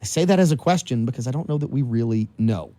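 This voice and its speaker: Talk radio host man, mellow voice. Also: mid-range voice, animated, fast talker, dry recording. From New Orleans, Louisiana. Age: 40s. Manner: conversational, musing aloud with rhetorical questions. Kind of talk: casual political talk radio. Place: radio studio. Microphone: studio microphone.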